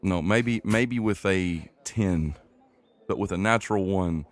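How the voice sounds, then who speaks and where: A man's voice: deep voice, takes it slowly. A man running a tabletop game as game master, narrating the scene in a playful, teasing way.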